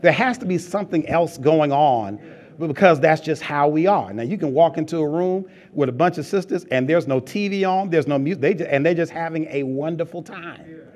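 This pastor's voice is a little high and somewhat mellow. He preaches his sermon in a loose, joking, conversational way, calling out to the congregation as it laughs.

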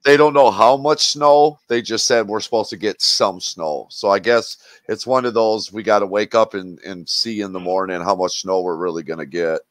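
A man's voice: fairly low pitch, moderate pace, few pauses, no echo. A man from Wisconsin hosting a livestream, chatting casually in a blunt, mocking, profane way. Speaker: livestream host.

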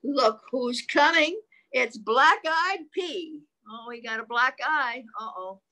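A woman reads a storybook aloud to small children at an unhurried pace, lingering on every line. Her voice sits a little high, and she slips in gentle questions to her young listeners between the pages. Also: expressive, poor audio. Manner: slow sing-song reading, stops to ask the listening children questions. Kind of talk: reading a picture book aloud to young children.

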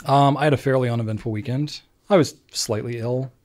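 A man's voice: mid-range voice, a little mellow. Easygoing man near forty co-hosting. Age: 30s. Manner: easygoing, agreeable, quick asides. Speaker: podcast co-host. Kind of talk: casual chat.

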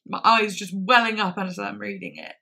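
A woman's voice: medium pitch, fairly even intonation, normal speed, gravelly, bright, forceful tone. A young woman giving casual reaction commentary on songs, effusive and emotional, with lots of filler words. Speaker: music reaction vlogger.

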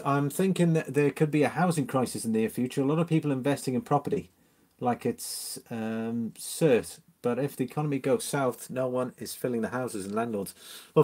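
Man casually reading chat on a livestream. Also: mid-range voice. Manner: chatty and relaxed, greets viewers and chuckles often. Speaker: livestream host. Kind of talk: casual live-stream chat, reading viewer comments aloud.

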